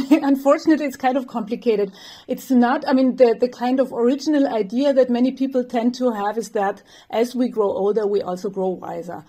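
A woman's voice: on the high side, steady tone, a little fast, dark tone. A woman professor, answering interview questions thoughtfully, with light laughs and some fillers. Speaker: developmental psychology professor, guest.

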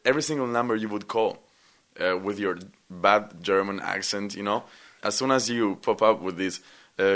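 Man telling a lively story. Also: fairly low pitch, moderate pace. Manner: animated storyteller, acting out quoted lines. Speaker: interviewee. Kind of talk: casual anecdote.

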